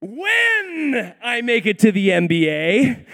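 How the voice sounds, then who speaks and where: A man's voice: very high voice, huge pitch swings, slow pace, gravelly, bright, forceful tone, pitched above the performer's own voice, exaggerated voice. A man doing a cocky little boy. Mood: confident. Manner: bold and confident. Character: boy who dreams of pro basketball.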